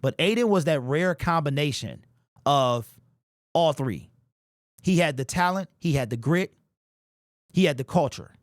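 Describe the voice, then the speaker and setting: On a live sports talk stream, a man with a slightly high voice and lively intonation talks unhurriedly, leaving long pauses. He is passionate, emphatic and visibly emotional, and the audio is clean studio sound with no room tone.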